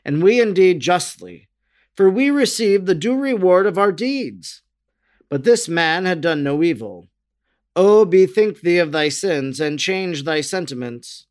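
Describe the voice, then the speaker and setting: A man voicing a repentant thief on a cross, speaking earnestly in a clear, commanding tone in a dramatic reading. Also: sits high, expressive, measured pace. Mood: rebuking. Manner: earnest, pleading and rebuking.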